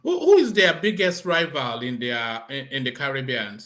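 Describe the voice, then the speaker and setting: Bright, lively male host asking questions. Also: mid-range voice. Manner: probing, quick questions. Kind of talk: interview questions.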